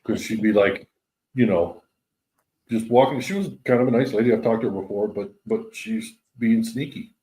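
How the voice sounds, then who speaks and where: Man, low voice, mellow tone, relaxed cussing chat. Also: normal speed, roomy sound, rough recording. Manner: relaxed, profane, chatty. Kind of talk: casual chat.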